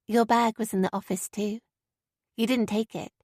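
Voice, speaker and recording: A woman's voice: on the high side, fairly even intonation, normal speed, darkish tone, no room sound, clean studio sound, lightly acted. A woman reading an audiobook, voicing a weary, frustrated young granddaughter.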